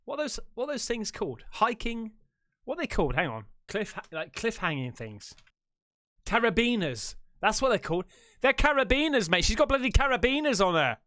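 A man's voice: sits high, very animated, a little fast, pushed and bright. Laughing, swearing man reacting to movie clips. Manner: laughs often, swears freely, calls people mate. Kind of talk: casual reaction commentary.

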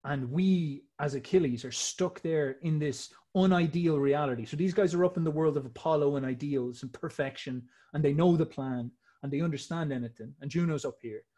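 A man's voice: fairly high pitch, normal speed, dark tone. A man explaining ideas in a rambling casual talk, swearing freely and restarting sentences often. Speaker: podcast host.

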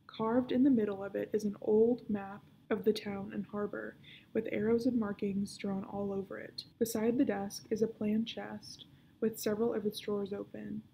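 A woman reading a children's chapter book aloud, keeping her narration hushed and often dropping to a whisper. Her voice is dark and mellow, with a gravelly edge. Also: medium pitch, level tone, normal speed, a little hiss or hum.

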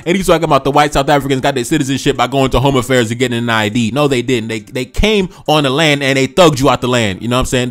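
A man's voice: mid-range voice, fairly bright tone. A man with an American accent hosting a reaction video, talking passionately in slangy street speech and repeating phrases for emphasis. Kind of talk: fired-up commentary on viewer comments.

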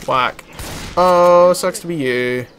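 A man giving relaxed gameplay commentary in an even, mid-range voice, taking his time between remarks. He is chatty and excitable and often breaks into laughter. A faint hiss of background noise sits under the recording. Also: mid-range voice, a little slow. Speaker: gaming YouTuber. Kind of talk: casual let's play commentary.

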